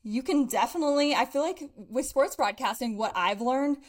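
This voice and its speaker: A woman's voice: high voice, moderate pace. A young woman co-hosting a podcast, chatting casually and upbeat, a little out of breath and laughing often. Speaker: podcast co-host. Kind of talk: casual chat.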